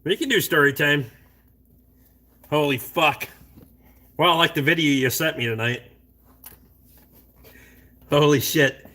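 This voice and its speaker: A man's voice: on the high side, measured pace, pauses often, sharp tone. A middle-aged man hosting a casual late-night stream, talking bluntly and swearing a lot while he rambles and answers chat. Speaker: livestream host reading chat.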